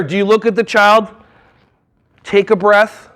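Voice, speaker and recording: High-voiced playful male workshop speaker. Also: fairly even intonation, moderate pace, fairly bright tone. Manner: playful, jokey, acts out voices. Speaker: conference speaker. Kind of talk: energetic live workshop talk. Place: conference hall. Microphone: wireless mic.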